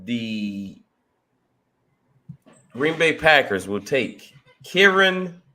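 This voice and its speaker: A man's voice: mid-range voice, very animated, very slow, pushed and bright. A man picking teams in a casual mock draft chat, loose and jokey, sometimes stumbling over names.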